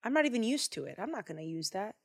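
Woman doing a confident young shepherd in a told story: firm, self-assured, low-key. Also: very animated, quick pace. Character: bold young shepherd, man, fearless.

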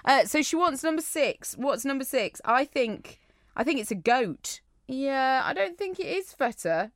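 A woman's voice: high-pitched, big pitch swings, a little slow, no echo, studio quality. A British woman co-hosting a podcast chats casually and reads listener mail, giggly and exclamatory. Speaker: podcast co-host.

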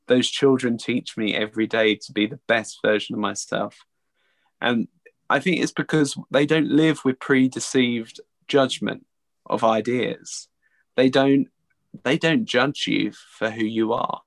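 A man answers interview questions about his work as an early educator, speaking earnestly and often restarting his sentences. His voice carries a gravelly, creaky texture, and it sounds dry and close with no room echo. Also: mid-range voice, fairly even intonation. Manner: earnest, halting, with many restarts.

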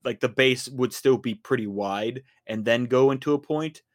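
A podcast co-host with a medium-pitched voice chats casually at a moderate pace, wandering off track and peppering his talk with fillers and restarts.

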